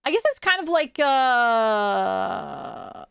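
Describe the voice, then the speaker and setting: Animated high-voiced woman streamer. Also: very slow, vocal fry, clean tone, no room sound, studio quality. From Quebec, Canada. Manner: animated, swearing, many fillers. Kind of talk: casual live-stream chat.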